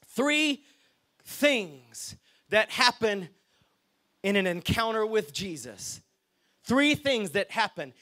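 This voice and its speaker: A man preaching a lively sermon as pastor, often checking in with the congregation. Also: sits high, takes it slowly, pauses often. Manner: lively, chatty, asks the crowd okay and right.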